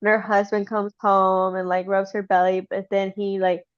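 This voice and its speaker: A woman hosting a casual chat, retelling a story in an animated way with many "like" fillers. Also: mid-range voice, moderate pace. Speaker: host. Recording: slightly dull lo-fi sound.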